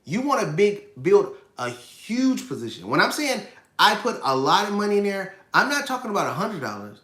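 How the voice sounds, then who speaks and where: A man's voice: high voice, big pitch swings, moderate pace, sharp tone, reverberant. Emphatic man hosting a live finance stream. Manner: emphatic, repeats points, reads chat questions. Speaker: livestream host.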